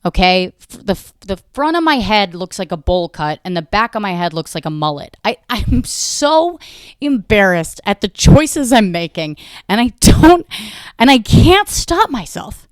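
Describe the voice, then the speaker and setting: Casual American podcast host in her thirties, crisp voice, bone-dry sound, rambling and self-mocking with frequent profanity. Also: medium pitch, very animated, moderate pace, dry recording. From United States. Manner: talks to her dog mid-show. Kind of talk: casual solo monologue.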